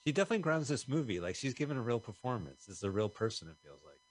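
A man's voice: mid-range voice, sing-song, very fast. Joking male radio co-host. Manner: jokey, riffing, trailing off mid-thought. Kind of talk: casual film-talk banter.

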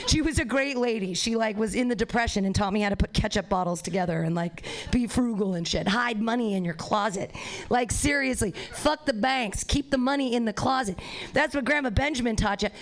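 A woman with a voice on the higher side works through a stand-up set at a small live venue. She rambles from bit to bit, swears freely, and breaks into little laughs at her own jokes. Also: fairly quick. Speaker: stand-up comedian.

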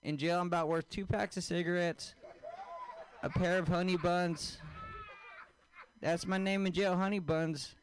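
A man doing a stand-up comedy set, deadpan and crude, often quizzing the crowd. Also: high voice, unhurried, pauses often. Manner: deadpan, crowd-work questions, crude jokes.

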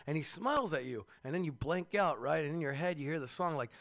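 A man in his thirties from the Seattle area, USA, does a crude, rambling stand-up set, his voice a little high, fast, and a bit bright. His profane jokes are peppered with "man" and "you know."

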